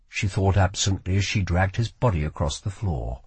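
A man narrating an audiobook in expressive storytelling style. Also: deep voice, normal speed, slightly rough, no room sound.

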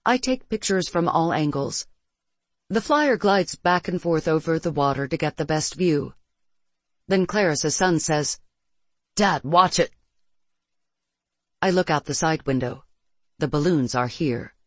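A narrator reading a first-person science-fiction story in a steady, measured way. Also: mid-range voice, no echo.

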